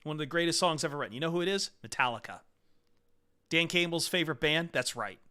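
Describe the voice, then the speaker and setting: A man with a bright, sharp tone and a slightly high voice jokes through a sports podcast. He is playful and excitable, jumping into loud bursts. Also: quick pace, smooth. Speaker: podcast co-host. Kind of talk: casual sports chat.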